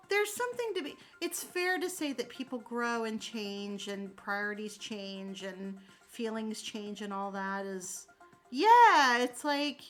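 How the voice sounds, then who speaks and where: A young woman with a slightly high voice chats casually to her viewers. She rambles through her stories and leans on lots of filler words. She stays kind and sympathetic when she answers them, while faint music plays in the background. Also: poor audio. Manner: warm, sympathetic toward viewers. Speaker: streamer answering chat. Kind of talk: casual chat.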